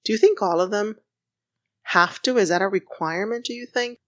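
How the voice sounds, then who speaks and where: A woman's voice: medium pitch, a little fast, fairly bright tone, no echo, clean studio sound. A woman co-hosting a podcast in casual chat, laughing easily and mixing Spanish phrases into her English. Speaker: podcast co-host.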